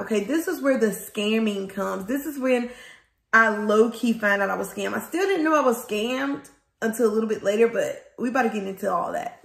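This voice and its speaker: A woman who runs a small business, from Louisiana, telling viewers a storytime in a casual, animated way and calling them guys and y'all. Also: a little high, creaky. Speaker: small business owner vlogger. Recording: echoey room.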